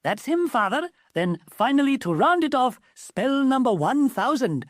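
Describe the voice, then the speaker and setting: A woman's voice: sits high, very animated, measured pace, no echo, studio quality, voice pushed up. A woman voicing a brash, boastful young male genie in a storybook. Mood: cocky. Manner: brash, boastful, casual slang.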